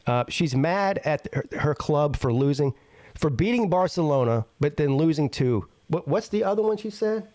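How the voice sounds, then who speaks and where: A male host of a live sports talk show with a slightly high, very lively voice. He chats loosely, stumbling over restarts. His voice sounds dry and close. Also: normal speed, dry recording. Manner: chatty, stammers and restarts, laughs often. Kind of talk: casual live-stream chat.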